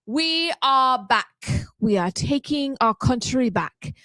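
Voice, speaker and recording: A woman's voice: sits high, lively intonation, takes it slowly, pushed and bright, no room sound, voice pushed up, heavily acted. A woman putting on a British accent to voice a prim, indignant British woman declaiming for her nation in a comic impression. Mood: defiant. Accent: British, put on. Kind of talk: comic impression on a talk show.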